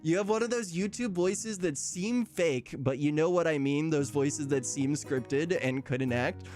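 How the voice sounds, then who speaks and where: A man's voice: fairly high pitch, measured pace, darkish tone, soft background music. A man streaming casually, chatting with his viewers, laughing often and reading out their messages. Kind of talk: casual live-stream chat.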